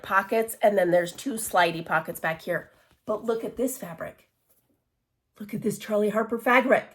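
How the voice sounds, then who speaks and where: A cross-stitch vlogger with a medium-pitched voice chats casually in a show-and-tell craft video. She gushes excitedly, restarting often and laughing a lot.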